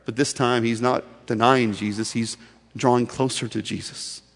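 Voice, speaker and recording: Guy preaching a sermon, tells it like a story, gets quiet then loud, big echoey hall. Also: mid-range voice, steady tone, normal speed, vocal fry. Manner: storytelling, swings from loud to soft and intimate. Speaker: pastor.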